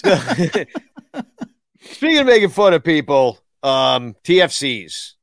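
A man's voice: on the high side, big pitch swings, slow, dry recording, clean studio sound. A man co-hosting a casual podcast, joking and poking fun at himself. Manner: joking, self-deprecating. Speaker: podcast co-host.

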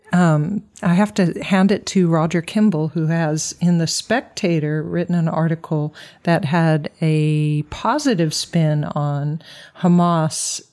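A woman co-hosting a talk podcast, with a low, mellow voice. She chimes in with short agreement and sets up questions for her co-host. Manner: supportive interjections, poses questions. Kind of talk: casual political discussion.

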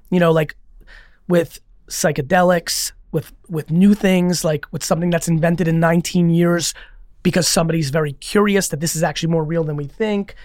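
A man as a podcast guest, telling a personal story in a casual, rambling, animated way with free swearing. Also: on the high side, moderate pace, no room sound, clean studio sound.

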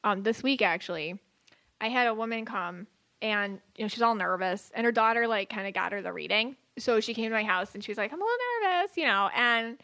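A woman co-hosting a podcast as a psychic, chatting casually and telling stories in an animated way with frequent laughter. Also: medium pitch, a little fast, dry recording. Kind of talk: casual chat and storytelling.

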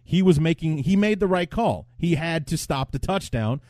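A man's voice: fairly high pitch, lively intonation, moderate pace, dark tone, no room sound, clean studio sound. A man hosting a podcast, thinking aloud and giving blunt, opinionated takes. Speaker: podcast host. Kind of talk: casual podcast chat.

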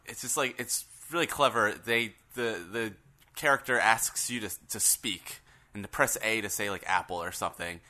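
A man's voice: on the low side, moderate pace, pushed and bright. A man co-hosting a casual podcast, rambling a little and laughing easily. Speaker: podcast co-host.

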